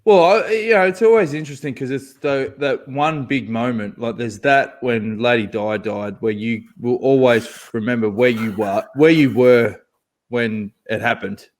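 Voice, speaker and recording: Male podcast co-host, mid pitch, animated profane storyteller. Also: moderate pace. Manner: animated, swears freely, laughs through his own story. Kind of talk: casual storytelling chat.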